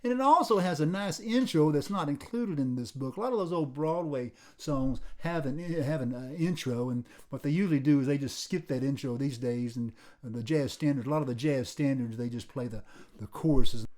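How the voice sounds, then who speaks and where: A man teaching a song on ukulele in a relaxed, repetitive way, counting beats aloud and explaining the rhythm. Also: mid-range voice. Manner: sings lyrics slowly while playing. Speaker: music teacher. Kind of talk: instrument lesson. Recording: ukulele playing under the voice.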